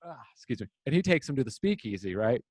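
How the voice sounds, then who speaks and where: A man's voice: medium pitch, fast, dry recording. Young american man, podcast co-host, crude banter, lots of fillers, dry close mic. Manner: rambling, animated storytelling with many fillers.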